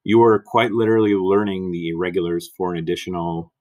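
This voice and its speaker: A deep-voiced man explains grammar to his students. He talks patiently, repeating words and spelling out examples step by step. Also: steady tone, fast, darkish tone. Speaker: Spanish teacher. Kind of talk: recorded grammar lesson.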